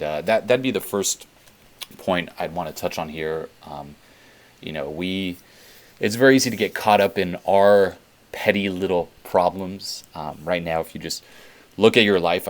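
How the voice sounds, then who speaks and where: Man, very deep voice, casual self-help vlog, rambling, filler-heavy, swears bluntly. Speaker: self-help video host.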